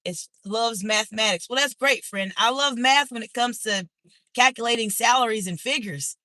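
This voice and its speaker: Woman host, bright voice, dry close sound, casual live chat read from the car, spells out usernames. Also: a little high, normal speed, dry recording. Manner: greets viewers warmly by name, spells out usernames letter by letter. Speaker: executive coach hosting a livestream. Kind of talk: casual livestream chat, reading comments aloud. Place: inside a car.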